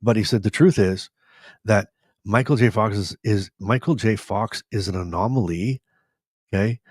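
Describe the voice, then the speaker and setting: A man in his forties from Canada, hosting a live stream and candidly retelling his own story in a rambling, animated way. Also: fairly low pitch, moderate pace, dry recording, studio quality. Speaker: host.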